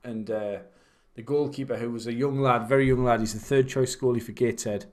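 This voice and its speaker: A man's voice: mid-range voice, steady tone, brisk, darkish tone. A young man, casually chatting and rambling while commentating on his own game. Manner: rambling, chatty, self-deprecating. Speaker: streamer.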